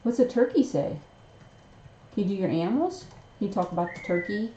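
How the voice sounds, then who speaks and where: A woman's voice: medium pitch, lively intonation, brisk, dark tone. A woman hosting a live stream, coaxing her pet bird in sing-song baby talk. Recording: roomy, slightly muffled home recording.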